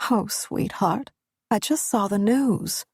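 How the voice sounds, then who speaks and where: A woman's voice: mid-range voice, slow, a little mellow, slightly rough, dry recording, studio quality, exaggerated voice. A woman voicing a worried mother on the phone, speaking in a careful, roundabout way.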